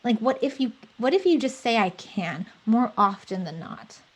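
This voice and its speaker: A woman's voice: a little high, very animated, normal speed. A woman guest on a podcast, a therapist talking through her creative project in a reflective way with lots of trailing fillers. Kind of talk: casual podcast conversation.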